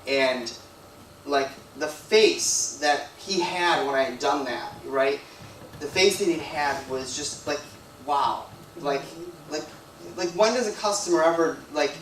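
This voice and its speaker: A man's voice: on the high side, a little slow, fairly bright tone, a little hiss or hum. A man giving a sermon as a guest preacher, telling a personal story in a rambling, conversational way full of "like" and "you know". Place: church hall. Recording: echoey room, from a distance.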